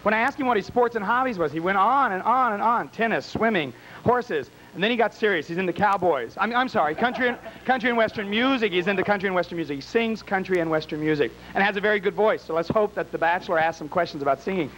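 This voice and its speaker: Male emcee, high-pitched, campy, teasing, live bar show. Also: expressive, quick pace, fairly bright tone, poor audio. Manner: teasing, wisecracking. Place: small bar with a live audience.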